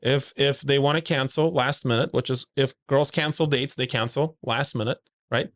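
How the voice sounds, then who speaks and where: A man's voice: medium pitch, moderate pace. A man, a suit company founder, speaking as a podcast guest in a blunt, emphatic way, acting out quoted dialogue as he tells stories. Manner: animated storyteller, acts out quoted dialogue in a raised voice; blunt, emphatic, repeats key points. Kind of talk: conversational podcast interview.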